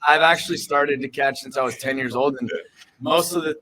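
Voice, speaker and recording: A man's voice: fairly high pitch, a little fast, a crowd in the background, low-quality recording. A young man from Southern California, a professional baseball catcher, answering questions earnestly in a casual podcast interview, with lots of fillers and restarts.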